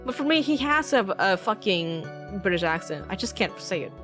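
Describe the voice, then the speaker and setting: A woman streamer chatting casually as she plays, animated and swearing freely. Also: medium pitch, a little fast, few pauses, music in the background. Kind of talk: casual game commentary.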